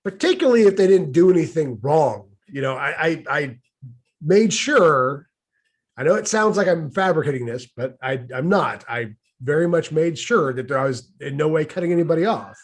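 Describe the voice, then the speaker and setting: A man's voice: a little high, lively intonation, moderate pace. A middle-aged man telling a personal story in a casual, wry, exasperated way.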